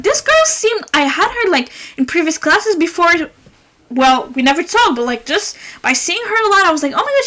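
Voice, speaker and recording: A high-voiced young woman rants on her podcast, swinging her pitch wildly as she tears into the people who annoyed her. Her voice is bright and sharp, with lots of cursing and raised volume. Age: young adult. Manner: profane, yelling, rapid rant. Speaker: podcast host. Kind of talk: ranting casual podcast monologue.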